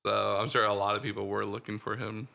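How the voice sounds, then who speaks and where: A podcast co-host with a fairly low, gravelly voice talks fast in a pushed, bright tone with fairly even intonation. He rambles casually about a film, leaning heavily on fillers like "like" and "dude."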